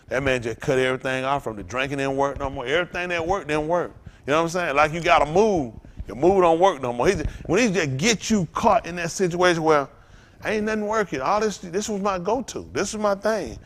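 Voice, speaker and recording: A man's voice: a little high, fairly quick. A male pastor preaching a sermon, telling personal stories in loose, everyday talk. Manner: animated preaching with loose vernacular storytelling.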